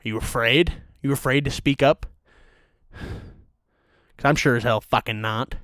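A young man rants through a comedy segment in a crude, profane, deadpan way. His voice is smooth and clear, and it sits dry and close with no room sound. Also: medium pitch, unhurried, no echo. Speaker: host of a rant show. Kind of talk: comedic rant.

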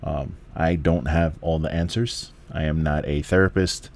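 A man's voice: a bass voice, fairly even intonation, a little slow, a little mellow. A man, hosting a candid solo podcast from home in a laid-back, rambling, profane way with lots of restarts. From the Bronx, New York. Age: 40s. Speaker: podcast host.

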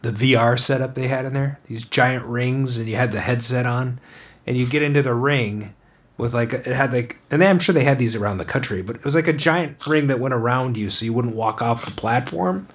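A man in a relaxed podcast conversation, asking questions and telling a story. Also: mid-range voice, fairly quick. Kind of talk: casual chat.

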